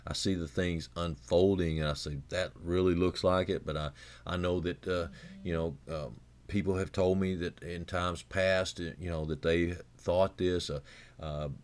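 Earnest and conversational, a man preaches a sermon over the radio, repeatedly restarting and saying words twice. For emphasis his voice climbs, then it settles back down low and quiet.

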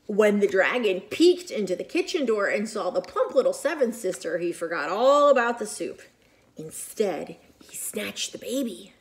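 A woman reading a picture book aloud to children in an expressive, animated way with whispered asides. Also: mid-range voice, moderate pace, hardly any pauses. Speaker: children's storyteller.

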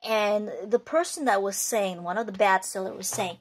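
A woman's voice: medium pitch, moderate pace, few pauses. A woman collector giving unscripted advice in a vlog, rambling and emphatic, with many restarts. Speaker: card collector and video maker.

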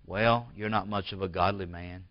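Emphatic low-voiced preacher. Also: male voice, steady tone, normal speed, no room sound, muffled recording. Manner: preaching with rising emphatic bursts and drops to near-whisper. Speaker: pastor. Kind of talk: sermon. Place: church.

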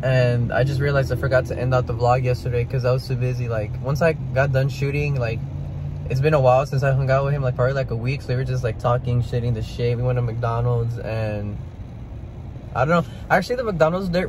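A man's voice: medium pitch, fairly even intonation, brisk. A man in his twenties vlogging from his car in traffic, talking in a slangy, rambling way with lots of fillers. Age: 20s. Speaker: vlogger and military reservist. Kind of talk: casual vlog chat. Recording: loud car and traffic noise.

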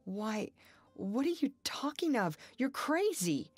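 A woman's voice: medium pitch, expressive, unhurried, dry recording. A woman voicing a brooding, impassioned young farmer in an audiobook, reading his lines earnestly and with feeling. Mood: alarmed.

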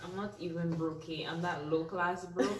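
A woman's voice: lowish voice, expressive, measured pace, crowd noise. Joking young saint lucian woman chatting, echoey room, far from the mic. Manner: playful, joking. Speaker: friend, guest. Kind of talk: casual chat.

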